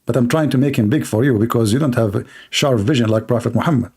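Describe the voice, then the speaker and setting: A man's voice: medium pitch, fast talker, darkish tone, slightly rough. A man hosting a livestream, talking in a mocking, sarcastic monologue in broken English. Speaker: livestream host. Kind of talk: satirical monologue. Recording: livestream talk to viewers.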